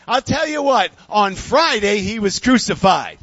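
A male pastor preaching a sermon with call-and-response, building up to shouting. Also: high-pitched, big pitch swings, moderate pace, hardly any pauses, no room sound, dull audio.

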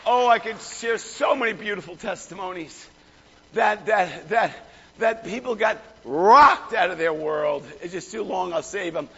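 A hoarse male pastor preaching a fervent sermon, shouting at the peaks and calling out to the crowd. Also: high voice, expressive, measured pace. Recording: echoey hall, dull lo-fi sound.

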